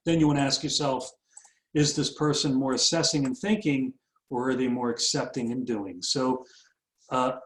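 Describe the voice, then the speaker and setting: A man's voice: mid-range voice, steady tone, moderate pace, fairly bright tone, slight background noise. Conversational male business coach, echoey room. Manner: conversational, with frequent fillers and self-corrections. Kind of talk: recorded webinar presentation.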